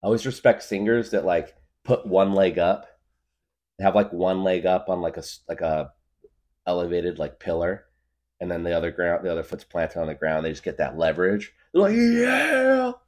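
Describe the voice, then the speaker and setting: A man's voice: deep voice, steady tone, normal speed, darkish tone. A man hosting a comedy podcast, rambling through a comic monologue packed with filler words. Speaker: podcast host.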